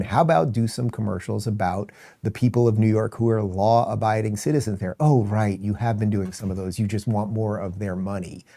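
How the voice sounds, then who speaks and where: A male host rants through his political commentary, sarcastic and exasperated. His voice is low and dark. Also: gravelly. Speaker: show host.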